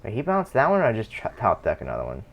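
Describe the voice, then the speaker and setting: Rambling male streamer, lively voice. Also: lowish voice, fast, highs cut off, slight background noise. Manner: rambling, self-correcting, chuckling. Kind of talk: casual live-stream chat while gaming.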